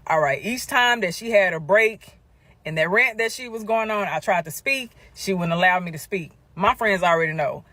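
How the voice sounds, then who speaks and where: A woman's voice: mid-range voice, moderate pace, sharp tone, no room sound. Chatty woman telling a story, dry sound. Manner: chatty, talks straight to viewers. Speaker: storyteller in a shared clip. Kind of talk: casual storytelling to camera.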